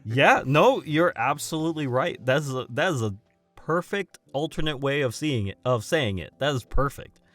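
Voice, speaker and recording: A man talking as a podcast guest, his pitch swinging lively up and down. He rambles casually and restarts his sentences as he explains things, with faint music in the background. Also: moderate pace, dry recording. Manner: animated, rambling, self-correcting. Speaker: voice actor guest.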